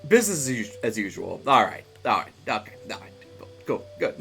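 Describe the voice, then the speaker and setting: Homme bavard qui commente un jeu. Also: male voice, mid-range voice, sing-song, fairly quick, gravelly, a bit bright, soft background music. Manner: chatty, rambling, laughs often, many fillers. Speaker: game streamer. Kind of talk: casual live-stream commentary.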